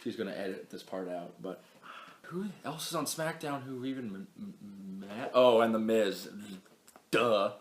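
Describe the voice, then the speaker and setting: A man's voice: lowish voice, measured pace, echoey room, slight background noise. A young man hosting a casual wrestling recap vlog, chatty and rambling, stumbling over words and correcting himself. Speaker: wrestling show recap host.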